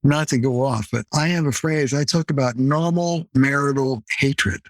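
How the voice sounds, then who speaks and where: A man's voice: mid-range voice, normal speed, no echo. Emphatic older man, dry sound. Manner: emphatic, punchy, playful asides. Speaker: therapist and author guest. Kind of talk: podcast interview.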